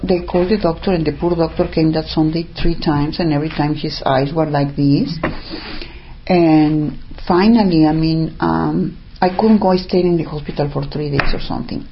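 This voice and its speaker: A woman's voice: low voice, creaky, lo-fi sound, slight background noise. An older woman telling a personal story in casual talk, acting out what others said and filling gaps with "I mean.". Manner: animated, acts out what others said, many "I mean" fillers.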